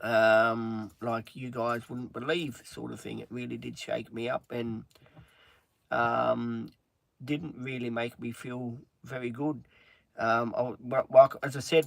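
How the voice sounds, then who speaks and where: A man chatting on a livestream in a halting, earnest way, with many pauses and restarts, openly upset. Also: mid-range voice, fairly even intonation, vocal fry, a bit bright, no room sound. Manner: halting, frequent ums and restarts. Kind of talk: casual livestream chat.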